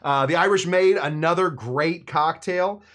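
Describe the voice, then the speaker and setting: Hosting a live cocktail show, a man chats casually and rambles, teasing himself and often using fillers and starting over. His voice is a little high and fairly bright, and he speaks a little slowly.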